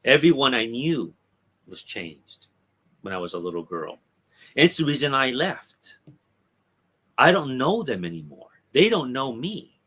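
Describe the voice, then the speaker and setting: A man reading a young woman's comic dialogue aloud in a plain, husky voice. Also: mid-range voice, big pitch swings, a little slow, long pauses, fairly bright tone, voice pushed up, exaggerated voice. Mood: quiet. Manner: plain reading, with little change of voice. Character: wistful young woman rejecting her lover.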